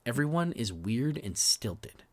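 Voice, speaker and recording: Here a man speaks in a mid-range, slightly mellow voice, a bit slow, with big swings in pitch. He co-hosts a film podcast and trades casual, candid reviews laced with swearing, often restarting words and sometimes going nearly to a whisper.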